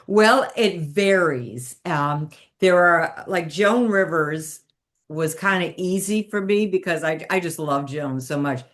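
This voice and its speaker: A woman's voice: fairly low pitch, slow pace. A middle-aged woman, a comedic impressionist, telling stories animatedly in an interview and laughing often. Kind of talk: chatty interview storytelling.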